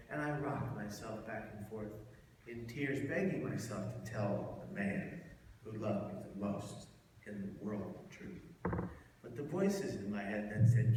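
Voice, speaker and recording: A man giving a personal talk to an audience and acting out the people in his story with sudden jumps in voice. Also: a little hiss or hum. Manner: animated storyteller, acts out quotes with big jumps in loudness and pitch. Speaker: keynote speaker. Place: large event hall with an audience. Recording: far from the mic in a very echoey hall.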